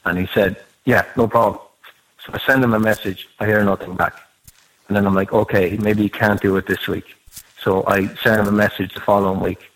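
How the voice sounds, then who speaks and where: A man's voice: lowish voice, fairly quick, low-quality recording. A man telling a rambling anecdote in a casual podcast chat, swearing freely as he goes. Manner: swears freely, animated storytelling.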